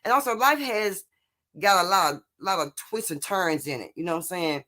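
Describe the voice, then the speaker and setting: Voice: mid-range voice, moderate pace, bright, forceful tone. A live stream host giving a casual motivational talk, rambling and repeating themselves, constantly checking in with "you know what I'm saying" and answering viewer comments. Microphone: streaming setup.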